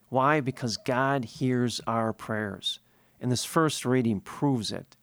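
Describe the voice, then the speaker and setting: A man's voice: mid-range voice, a little slow, a bit bright, dry recording, studio quality. A priest giving a sermon, explaining scripture earnestly and posing questions he then answers himself.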